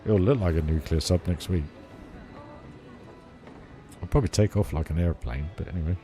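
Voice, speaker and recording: A man's voice: deep voice, moderate pace, dark tone. A man chatting casually on a live stream, laughing often and answering chat. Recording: faint music behind.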